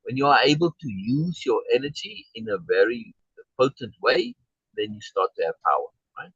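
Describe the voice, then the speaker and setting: A man with a husky, slightly breathy voice tells a personal story to a discussion group, his pitch rising and falling with animated emphasis. He rambles, restarts his sentences and keeps checking in with "right?". The sound is dry and a bit muffled. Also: normal speed, dry recording. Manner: rambling, with many restarts and tag questions like "right?"; acts out quoted exchanges in a raised voice.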